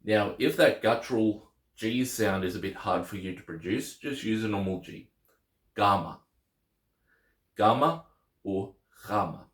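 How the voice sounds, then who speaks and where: A man's voice: on the low side, normal speed, echoey room. A man teaching the Greek alphabet in a casual lesson, patiently repeating each letter name.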